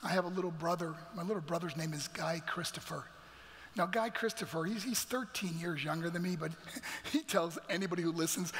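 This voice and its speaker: A man's voice: fairly high pitch, a little fast, a bit bright. A middle-aged man from New York giving an emphatic, dramatic testimony as a guest speaker at church. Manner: dramatic, emphatic storytelling with acted quotes. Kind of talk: motivational testimony. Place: large church hall. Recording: reverberant church hall.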